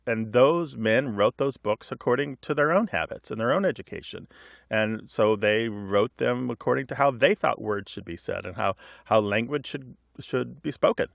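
A man's voice: mid-range voice, vocal fry, a bit bright, no room sound, studio quality. A middle-aged man co-hosting a language call-in radio show, explaining in a chatty way with asides. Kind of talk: casual radio chat and explanation.

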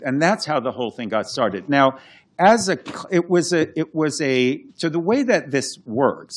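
A man with a slightly low voice speaks in a relaxed, lecturing way about his scholarly work. He pauses, restarts and thinks aloud, now and then sounding out verse beats. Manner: thoughtful, explanatory, halting restarts, chants verse rhythms. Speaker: classics scholar and translator. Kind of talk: conversational lecture.

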